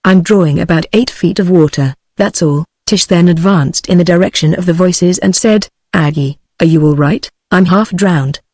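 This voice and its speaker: A text-to-speech woman's voice with a British English accent, reading a novel aloud in an even, steady way. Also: fairly low pitch, normal speed, few pauses, no echo. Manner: even, steady synthetic delivery. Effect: synthetic text-to-speech voice. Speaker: audiobook narrator.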